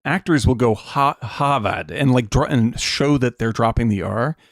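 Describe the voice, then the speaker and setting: A man co-hosting a movie podcast, chatting casually, animated and laughing often, with casual swearing. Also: medium pitch, normal speed, no room sound, clean studio sound. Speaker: podcast co-host.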